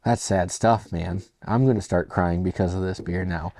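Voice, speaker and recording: A man hosting his own beer review channel, talking in a relaxed, chatty way with rambling asides. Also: sits low, normal speed, no room sound, clean studio sound. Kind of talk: casual solo review.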